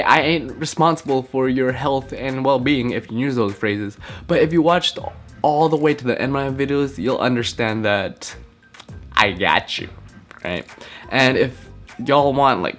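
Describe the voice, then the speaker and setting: A young man vlogging to camera, joking and slangy, with a deadpan prank delivery. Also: mid-range voice. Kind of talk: joking vlog talk to camera.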